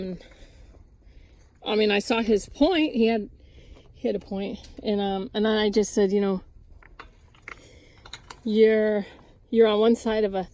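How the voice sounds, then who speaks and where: A woman's voice: medium pitch, warm tone. A woman vlogger telling a rambling casual story with many restarts and asides while she does chores outdoors on a farm. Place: outdoors at a farm with goats and chickens.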